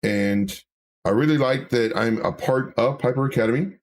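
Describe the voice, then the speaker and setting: A man's voice: mid-range voice, moderate pace, slight background noise. A man co-hosting a live stream, reading viewer comments and talking candidly, with many fillers and self-corrections.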